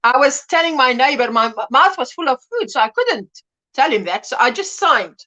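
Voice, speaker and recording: In a relaxed livestream chat, a female host talks at an ordinary pace in a high, lively voice. She keeps up the chatter, laughs frequently and reads out comments.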